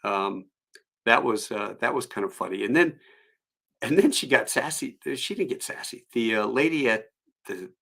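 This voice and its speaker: Gravelly-voiced man spinning rambling stories on a live stream, chuckling as he goes. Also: medium pitch, animated, moderate pace, pushed and bright. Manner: rambling anecdotal delivery with chuckles. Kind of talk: storytelling.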